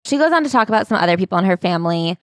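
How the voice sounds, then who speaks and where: A woman co-hosts a casual book chat, summarizing the story in a brisk, wry way. Her voice has a middle pitch and is recorded close and dry. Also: expressive, no echo. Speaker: podcast co-host.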